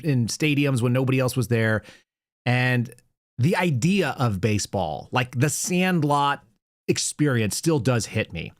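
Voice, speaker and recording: A man's voice: mid-range voice, no room sound. A man in his forties hosting a political commentary show, sarcastic and rambling, talking casually from a studio. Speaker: show host.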